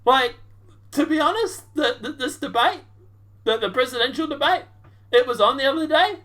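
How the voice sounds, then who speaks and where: High-voiced sarcastic woman commentator. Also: animated, moderate pace, fairly bright tone. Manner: sarcastic, rambling, with restarts and mock-quoted voices. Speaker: political commentary vlogger. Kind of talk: casual reaction commentary.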